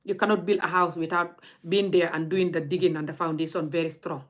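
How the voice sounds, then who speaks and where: A woman's voice: on the low side, fairly even intonation, brisk. A young woman, scolding her audience in a blunt, heated rant straight to camera. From Gambia. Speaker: vlogger.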